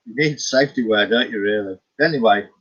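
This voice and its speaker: A man's voice: fairly low pitch, fairly quick, a bit bright, breathy edge, lo-fi sound. A middle-aged Scottish man chatting casually about his paintings, rambling, chuckling and answering his own questions. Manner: rambling, chuckling, talks to himself. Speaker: artist vlogger.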